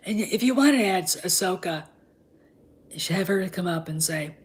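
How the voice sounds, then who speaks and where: Brief: female fan-show host, casual rambling chat, husky and low, hushed asides. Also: takes it slowly, long pauses. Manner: rambling, often drops into whispers.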